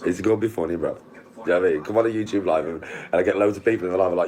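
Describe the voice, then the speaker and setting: Brash bloke, middle-aged, lowish voice, crude rambling boasts, laughs a lot. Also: male voice, very fast, a little mellow. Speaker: YouTuber on a live stream. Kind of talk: boastful casual chat with friends.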